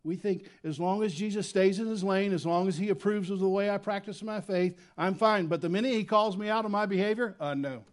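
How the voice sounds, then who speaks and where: A man preaching a sermon as pastor, swinging between loud emphatic lines and quiet, low asides. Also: fairly even intonation, a little fast, hardly any pauses. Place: church sanctuary.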